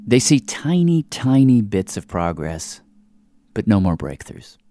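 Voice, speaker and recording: A man's voice: lowish voice, big pitch swings, unhurried, dark tone. A man hosting a documentary show, narrating in a conversational way and reacting briefly to the story. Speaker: radio show host.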